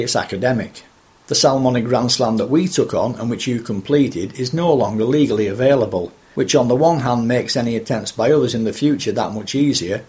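Guy asking long careful questions about fishing, articulate, normal pitch. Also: a little mellow. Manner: measured and articulate, in long full sentences. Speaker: interviewer.

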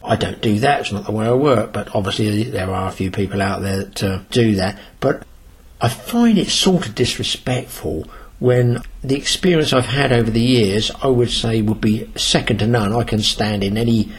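A man's voice: fairly low pitch, moderate pace, breathy edge. An older man from Britain, a sea angler, telling rambling, boastful fishing stories in a casual, chatty way. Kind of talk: casual spoken anecdote.

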